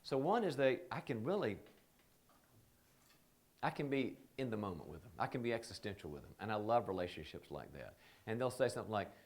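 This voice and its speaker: A man gives a leadership training session in a fairly low voice that climbs and dips widely as he talks. He tells stories with energy and acts out the people he quotes. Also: fairly quick. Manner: animated storytelling, acting out quoted people. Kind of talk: seminar talk.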